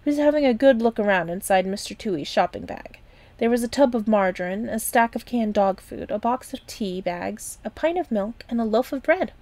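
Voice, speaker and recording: A woman narrating a children's chapter book aloud. She keeps a soft, gentle reading voice, sometimes dropping almost to a whisper. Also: fairly high pitch, expressive, a little fast, no room sound. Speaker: storyteller.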